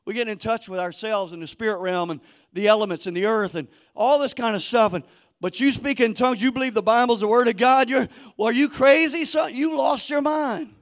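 High-voiced fiery preacher man. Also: fairly quick. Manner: fiery, builds to shouting; casual street slang, acts out quoted people. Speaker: pastor. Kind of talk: sermon.

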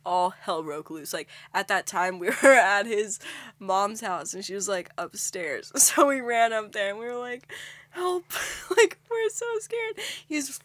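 A young adult co-host spins a story in relaxed podcast chat. The tone is bright and crisp. They are animated and laugh along, then sink to a soft hush whenever they quote someone. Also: mid-range voice, moderate pace, no room sound. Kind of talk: casual storytelling.

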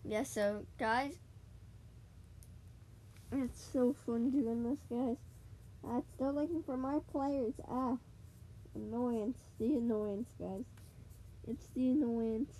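A woman chatting casually while she plays a video game, excitable and talking straight to her listeners. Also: a little high, slow, long pauses, slight background noise. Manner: chatty and excitable, keeps addressing "guys". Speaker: gaming podcaster. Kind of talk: casual gaming commentary.

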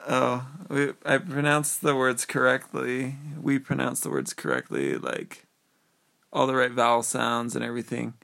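Easygoing young man with a gravelly voice. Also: mid-range voice, a little slow, sharp tone. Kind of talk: casual chat.

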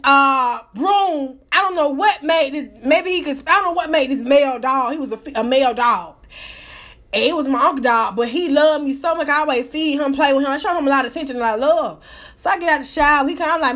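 A woman with a high voice tells a rambling story in a casual, animated way. She swears freely and keeps up a lively, conversational delivery. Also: fast. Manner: profane, animated, breaks into laughter.

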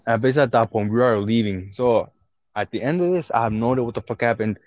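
A man's voice: mid-range voice, quick pace, a little mellow, no room sound. A young man telling a rambling story in casual podcast chat, swearing a lot and restarting his sentences. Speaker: podcast co-host. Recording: dull, dry lo-fi recording.

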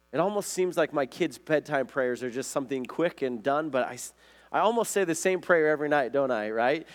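A man preaching a conversational sermon, earnest and often asking his listeners questions. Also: fairly high pitch. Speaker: pastor.

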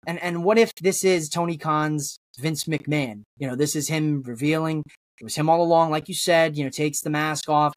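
A man's voice: fairly high pitch, steady tone, a little fast, no room sound. A man guesting on a wrestling podcast, rambling through theories in casual chat, with lots of restarts.

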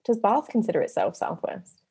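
A woman from Cornwall hosting a podcast, interviewing in a relaxed way, laughing easily and making dry quips. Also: mid-range voice, moderate pace, husky. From Cornwall, England. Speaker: podcast host.

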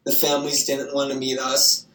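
Young woman, animated, profane, gossipy, echoey room, off-mic. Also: a bass voice, moderate pace. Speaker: grandchild on the phone. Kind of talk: casual phone chat. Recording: roomy echo, distant from the mic.

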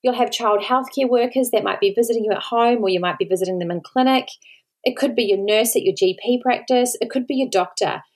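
An Australian woman who is a podcast host and mother speaks earnestly and pleadingly to her listeners in solo podcast talk, near tears and repeating words for emphasis. Her voice is on the high side and fairly quick.

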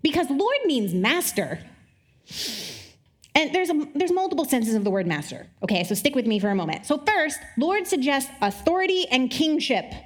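Lively, wry woman preaching. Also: sits high. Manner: lively, wry and joking, with quick asides. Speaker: speaker. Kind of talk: conversational sermon to a live audience. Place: live talk before an audience.

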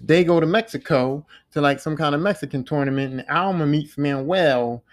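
A man with a voice a touch higher than most talks through a series on his podcast. His retelling is loose and slangy, full of swearing, and he keeps slipping into the characters' lines as he tells it. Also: normal speed. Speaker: podcast host. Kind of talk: casual show recap.

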